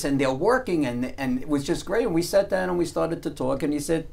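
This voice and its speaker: A man's voice: a little high, expressive, normal speed, vocal fry, a little mellow. A man hosting a business talk show, telling a rambling personal anecdote in a casual way. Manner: rambling anecdotal storyteller with restarts. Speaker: radio show host. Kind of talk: casual storytelling.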